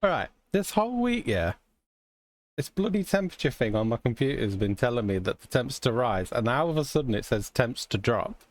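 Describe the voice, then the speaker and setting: A man's voice: medium pitch, sing-song, brisk, no echo. A man casually commenting as he plays a video game, chatty and self-mocking. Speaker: streamer.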